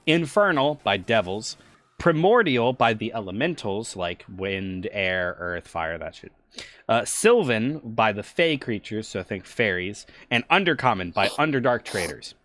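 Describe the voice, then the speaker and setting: A man's voice: fairly low pitch, sing-song, measured pace, a bit bright. A man running a tabletop game on a casual stream, laughing often, rambling and reading chat aloud.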